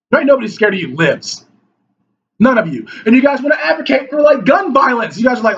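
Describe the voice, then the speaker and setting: A man ranting angrily into the camera, preachy and mocking, his voice husky. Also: high voice, rapid-fire, fairly bright tone, dull audio. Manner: angry, preachy, mocking opponents in whiny voices. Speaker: political commentator.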